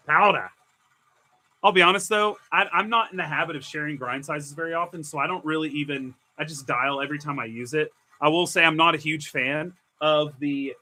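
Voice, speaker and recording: A young man hosting a casual coffee-brewing vlog, chatty and quick to grumble at his equipment with mild curses. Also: on the high side, sharp tone, a little hiss or hum. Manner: chatty, mild cursing, gets frustrated with gear. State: annoyed. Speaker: coffee channel host.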